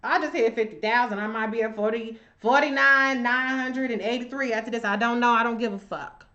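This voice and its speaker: A woman's voice: on the high side, steady tone, brisk, bright, forceful tone, dull audio. An American woman hosting a livestream, delivering heated political commentary in a profane, confrontational, emphatic way and talking straight at her commenters. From United States. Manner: addresses commenters directly. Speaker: livestream host.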